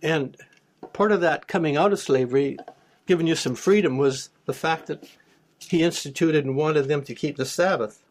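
A preacher leads a Bible study, reading scripture aloud and then explaining it in plain terms, restarting his sentences now and then. His voice is on the high side and moves at a normal speed.

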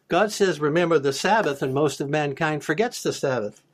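A man's voice: a little high, expressive, moderate pace. A man teaching a Bible study, reading verses aloud and then explaining them plainly, with small restarts. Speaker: preacher.

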